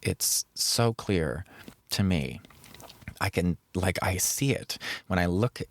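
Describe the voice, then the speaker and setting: A man's voice: sits low, lively intonation, slow pace. A man hosting a podcast, telling a personal story in an earnest, reflective way and drawing out key words. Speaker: podcast host.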